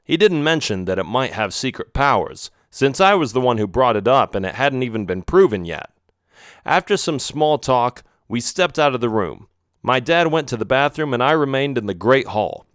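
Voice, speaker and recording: A man reads a children's adventure story aloud in the first person, his pitch moving in a lively way. His voice sits in a middle register, and the recording is dry and close with no room sound. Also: normal speed, dry recording. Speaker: audiobook narrator. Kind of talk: storybook narration.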